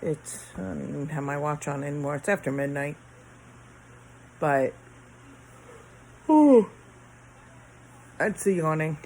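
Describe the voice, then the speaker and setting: A woman's voice: low-pitched, steady tone, normal speed, vocal fry, slight background noise, poor audio. A tired middle-aged woman rambling late at night in her bedroom, yawning and sighing as she trails off mid-thought. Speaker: vlogger. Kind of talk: casual late-night chat to camera.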